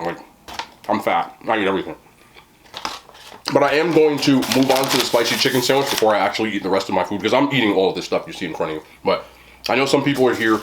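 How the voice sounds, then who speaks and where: A man casually reviewing fast food on camera, chatting with fillers and talking through mouthfuls at a desk mic. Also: fairly low pitch, a little hiss or hum. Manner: chatty, talks while chewing, frequent fillers.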